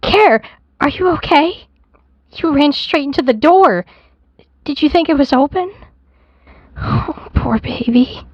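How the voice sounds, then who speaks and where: A woman's voice: high-pitched, animated, takes it slowly, long pauses, no room sound. A woman voicing a grieving mother of a missing daughter, doting and pleading by turns, on a dry, dull lo-fi clip. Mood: worried. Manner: doting, then frantic and pleading.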